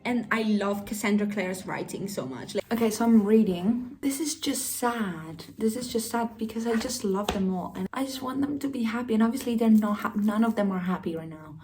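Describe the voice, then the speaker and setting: Speaking at a normal speed with few pauses, this young woman has a mid-range, slightly mellow voice, and there's a bit of background noise. In her casual book vlog she's gushing and emotional, occasionally sinking to a near whisper.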